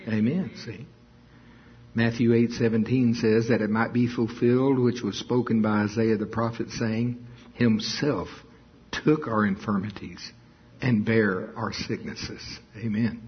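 A man's voice: medium pitch, fairly even intonation, measured pace, muffled recording. A man preaching a sermon, fervent and emphatic, praying aloud and calling out to his listeners.

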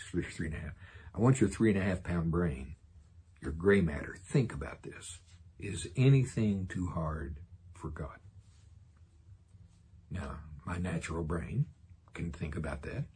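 A man preaching a sermon in a lively way, laughing often and acting out quoted voices. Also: on the low side, breathy edge.

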